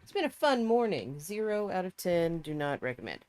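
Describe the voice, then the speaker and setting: A woman's voice: lowish voice, very animated, normal speed, a little mellow, no echo. A woman streaming a building game in casual chat, thinking aloud and poking fun at herself while nursing a sore throat. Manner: chatty, self-mocking, thinking aloud.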